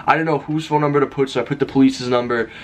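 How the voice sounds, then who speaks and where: A young man vlogger telling a story to camera in a casual, animated way. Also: medium pitch. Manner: fast, animated storytelling with shouted name calls.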